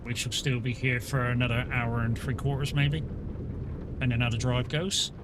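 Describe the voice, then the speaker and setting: A man streaming a truck driving game, talking casually and rambling, often breaking into laughter. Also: moderate pace. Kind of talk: casual live-stream chat. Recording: steady truck rumble behind voice.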